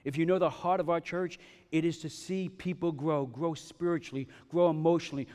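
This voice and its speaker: A man with a slightly higher voice preaches with emphatic repetition, breaking into light humorous asides. His words ring out in a church sanctuary with a long, lingering reverb. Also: fairly even intonation, brisk, darkish tone. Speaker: pastor. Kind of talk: sermon. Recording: long reverb of a large hall.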